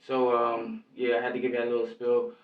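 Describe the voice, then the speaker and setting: A man's voice: medium pitch, monotone, brisk. Heated, profane man ranting in slang. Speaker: YouTube commentator. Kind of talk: angry vlog commentary. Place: lives in New York. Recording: echoey, distant, muffled lo-fi sound.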